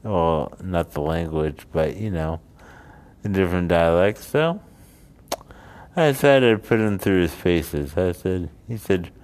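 A man's voice: low-pitched, lively intonation, a little slow, darkish tone. A man from the United States telling a casual story and rambling into musings. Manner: rambling, drifts between anecdote and musing.

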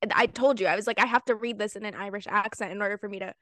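Brief: young woman, middle pitch, easygoing book chat, chimes in with quick agreement, dry close recording. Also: fairly even intonation, a bit bright, no room sound. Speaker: book club podcast co-host. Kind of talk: casual chat.

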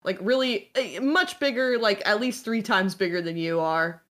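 A woman's voice: medium pitch, normal speed, fairly bright tone. A woman narrating a tabletop game as game master, playful and given to laughing.

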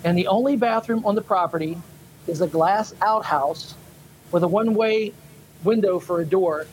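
A man's voice: sits high, normal speed, slight background noise, low-quality recording. A man co-hosting a casual chat show, rambling and hesitant with many fillers. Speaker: podcast co-host.

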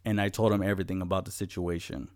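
A man's voice: low-pitched, fairly even intonation, fast, a little mellow, no echo, clean studio sound. A young man in casual chat, telling a story with heavy swearing and acted-out quotes.

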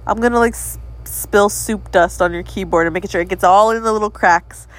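A woman's voice: mid-range voice, fairly quick, low-quality recording. Playful woman co-hosting a podcast. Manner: playful, mock-threatening, whiny. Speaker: podcast co-host. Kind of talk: casual chat.

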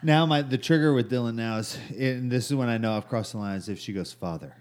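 A man's voice: medium pitch, quick pace, darkish tone. A man in his forties co-hosting a podcast, chatting casually and trailing off in loose, rambling sentences. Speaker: podcast co-host. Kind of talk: casual chat.

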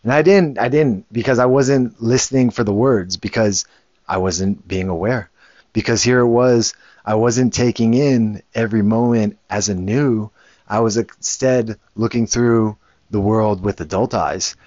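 A man's voice: fairly low pitch, a little slow, darkish tone, dry recording, dull audio. A man, a father, telling a casual story in a rambling way, with many restarts and the odd curse word. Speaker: father and show host.

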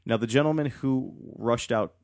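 A man's voice: medium pitch, moderate pace, a little mellow, no room sound, studio quality. A man co-hosting a movie podcast, giving a review in a rambling, hesitant way full of restarts. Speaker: podcast co-host. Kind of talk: casual film review chat.

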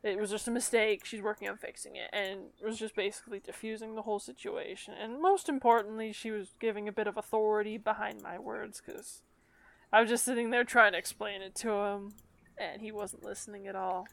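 A woman's voice: mid-range voice, steady tone, a little fast, vocal fry, fairly bright tone. A young woman co-hosting a casual talk show, telling a work story in a rambling way with fillers and frequent laughs. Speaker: podcast co-host.

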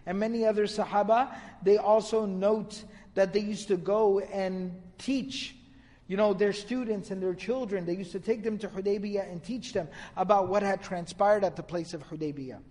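A man's voice: high-pitched, darkish tone, in a large hall. A man giving a religious lecture, retelling narrations in a storytelling manner and quoting Arabic. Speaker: Islamic lecturer.

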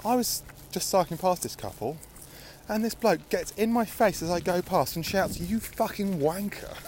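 A man spins a casual, rambling anecdote, swearing freely and laughing along the way. His pitch jumps around a lot as he talks, and faint noise hums under the recording. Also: animated, moderate pace, a little mellow. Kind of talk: casual storytelling chat.

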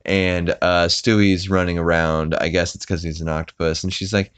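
A man's voice: sits low, little pitch movement, moderate pace, few pauses, a bit bright, clean tone, no echo. A man hosting a podcast, casually recapping an episode with rambling asides and lots of fillers. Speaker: podcast host.

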